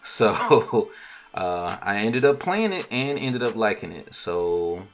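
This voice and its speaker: A man's voice: on the low side, very animated, slow pace. A man hosting a gaming podcast, talking in a laid-back, rambling, slangy way as he signs off. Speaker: podcast host. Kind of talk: casual podcast sign-off.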